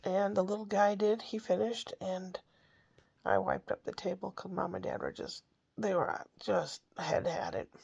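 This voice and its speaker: An older grandmother talks through family stories in a casual monologue. She rambles in a homey way and restarts her sentences. Her voice is gravelly and husky. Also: medium pitch, fairly even intonation, normal speed, a little mellow, muffled recording.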